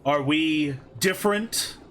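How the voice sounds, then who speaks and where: A man voicing a vast, calm alien space god, curious and sorrowful, who speaks slowly and solemnly in a lowered voice. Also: slight background noise. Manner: slow, solemn, low-pitched delivery.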